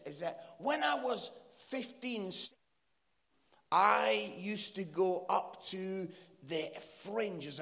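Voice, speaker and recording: A man's voice: sits high, gravelly, a bit bright. A man from Edinburgh with a Scottish accent, a guest preacher and comedian giving a chatty, teasing sermon with many fillers. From Scotland, Edinburgh. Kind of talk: casual, joking sermon talk. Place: church hall. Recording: long hall reverb.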